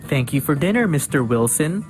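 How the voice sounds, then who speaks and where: A man narrating a comedic animated video in a playful, jokey way. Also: on the high side, a little fast. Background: music.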